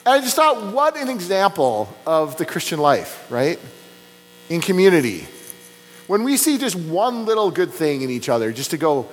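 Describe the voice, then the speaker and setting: A man's voice: sits high, big pitch swings, moderate pace. A man preaching a sermon as a pastor in a church, speaking conversationally with many fillers. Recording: long reverb with mains hum.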